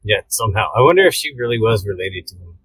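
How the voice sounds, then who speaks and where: A man's voice: on the low side, lively intonation, fast talker, a bit bright, breathy edge, no room sound, poor audio. A man co-hosting a casual movie review chat, dropping dry wisecracking asides. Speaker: co-host.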